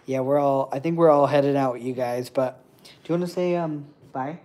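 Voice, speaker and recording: Man cooing softly to pet birds. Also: mid-range voice, steady tone, moderate pace. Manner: soft doting baby talk to birds. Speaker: livestream host with pet birds. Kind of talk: casual chat with pets and viewers.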